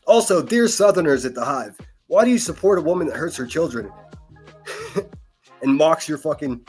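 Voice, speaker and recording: A man's voice: a little high, animated, fairly quick, a little mellow, faint music behind. A man hosting reaction commentary, ranting with scornful, profane insults at the people he criticizes. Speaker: commentary channel host.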